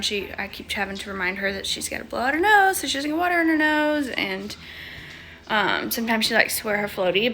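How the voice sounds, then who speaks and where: A woman's voice: a little high, pushed and bright. A young woman from Georgia talking casually to camera at home, chatty, with plenty of fillers and "like.". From Georgia, United States. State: out of breath. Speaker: vlogger. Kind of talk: casual chat.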